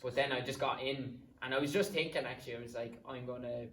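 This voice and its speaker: A man's voice: mid-range voice, fairly even intonation, fast talker, fairly bright tone, slight background noise. Young Irish man, casual rambling storyteller, swears freely, echoey room, distant mic. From Ireland. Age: 20s. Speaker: podcast guest. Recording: roomy sound, distant mic.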